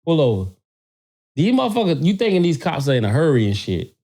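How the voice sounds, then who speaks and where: A man telling a story in a casual podcast chat, animated and profane, often repeating words as he gets worked up. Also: a little high, fast talker.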